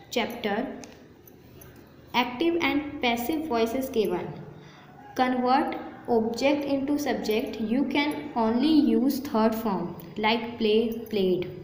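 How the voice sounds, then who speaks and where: A woman, teaching a grammar lesson slowly and deliberately, repeating phrases as she goes. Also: on the high side, darkish tone, slight background noise. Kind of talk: slow classroom-style grammar lesson. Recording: echoey room with long reverb.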